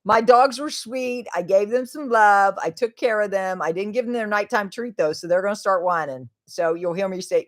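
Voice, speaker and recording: A woman's voice: medium pitch, moderate pace, few pauses. A middle-aged woman chats casually on her livestream as the host. She talks in a loose, rambling way, laughs often and lets her sentences trail off before starting new ones.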